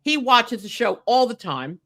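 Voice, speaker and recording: A woman's voice: a little high, very animated, measured pace, a bit bright. A woman co-hosting a podcast, chatting casually and getting indignant about a wrestling match, with lots of fillers and restarts. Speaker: podcast co-host.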